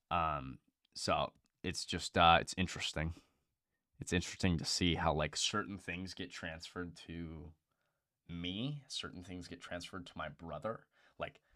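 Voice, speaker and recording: Young guy streaming, really low voice, swears a lot, says bro and dude constantly, dead dry sound. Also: bright, forceful tone, no echo. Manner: blunt, profane, fillers like bro and dude. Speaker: live-stream host. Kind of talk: casual chat.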